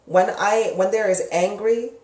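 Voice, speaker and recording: Woman, psychic live-stream host, casual and candid, mid-pitch voice, echoey room. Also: a little slow, darkish tone. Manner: chatty and frank, swears casually, greets viewers mid-answer. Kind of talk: casual live Q&A, answering viewer comments.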